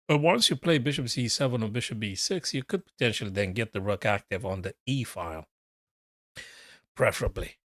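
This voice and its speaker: Low-voiced man giving casual chess commentary. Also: expressive, brisk, a bit bright, dry recording, clean studio sound. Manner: chatty, thinks aloud, talks to viewers. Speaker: chess coach streaming commentary. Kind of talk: casual live game commentary.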